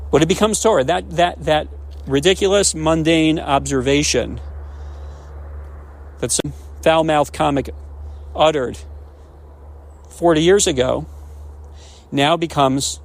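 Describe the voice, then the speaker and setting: Man, 40s, rabbi, podcast storyteller, animated, gravelly, restarts words. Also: fairly high pitch. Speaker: rabbi and educator.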